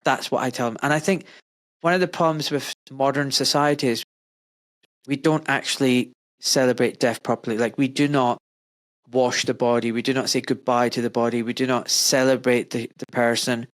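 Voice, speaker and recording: Animated man in casual podcast talk. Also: mid-range voice, normal speed, no room sound. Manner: animated, rising emphatic questions. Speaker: podcast host; doctor. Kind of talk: casual conversation.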